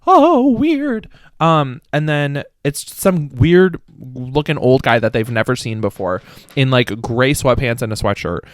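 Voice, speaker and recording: A man's voice: mid-range voice, big pitch swings, a little slow, dry recording. A man recapping a book casually on a podcast, rambling and swearing, laughing at the silly plot. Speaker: podcast host.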